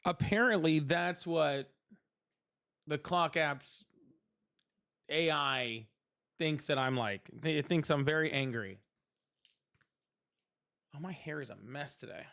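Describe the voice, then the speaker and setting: A man's voice: on the high side, slow pace, vocal fry, long pauses, fairly bright tone. A young man hosting a casual livestream, chatting with viewers, thanking them and laughing often. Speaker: livestream host.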